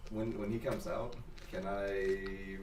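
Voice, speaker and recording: A man's voice: lowish voice, little pitch movement, slow pace, distant mic, a crowd in the background. A man player at a tabletop game, curious and chuckling. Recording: echoey room mic'd from afar.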